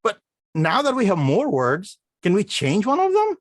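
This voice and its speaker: A man giving a humorous prepared speech at a speaking club, playful, full of rhetorical questions and slow, deliberate spelling out. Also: high voice, wildly swooping pitch, dry recording, studio quality. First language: not English. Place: club meeting room.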